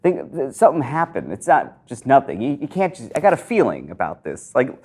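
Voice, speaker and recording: An earnest teenage boy, played by a man in a tabletop game, insistent and tripping over his words. His voice is lively and swings up and down. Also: mid-range voice, a little fast, breathy edge, pitched above the performer's own voice, full character voice. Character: eager seventeen-year-old boy obsessed with clues.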